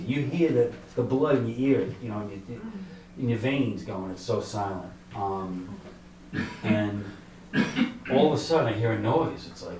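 A middle-aged man tells his own story at a library author talk, conversational and halting, with many fillers, acting out his own thoughts. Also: lowish voice, darkish tone, a little hiss or hum. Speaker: author and fisherman telling his survival story. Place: library event room. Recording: echoey room, distant mic.

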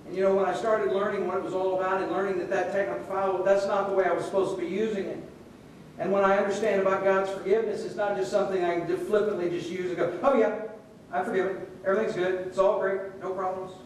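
A man preaching a sermon in a relaxed, conversational way, telling stories and acting out the voices in them. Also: quick pace. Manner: conversational storytelling with quoted voices. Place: church sanctuary. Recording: echoey church room, distant mic, faint rumble.

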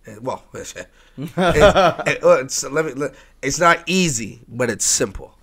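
A young man chatting casually as a podcast guest, swearing freely and swinging from soft talk to loud, laughing bursts. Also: medium pitch, lively intonation, a little slow, husky. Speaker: guest, music producer and tattoo artist.

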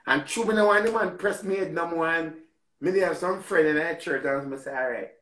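Jamaican guy spinning a yarn, kinda high voice, echoey room, lots of swearing. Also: fairly quick. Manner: animated, repetitive, swears freely. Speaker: storyteller. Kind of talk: casual storytelling.

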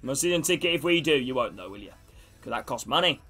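A man's voice: mid-range voice, lively intonation, fast talker, bright, forceful tone. A young man streaming a football video game, greeting his chat and geeing up his teammates, with casual swearing. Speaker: gaming streamer. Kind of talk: live gameplay chat with viewers.

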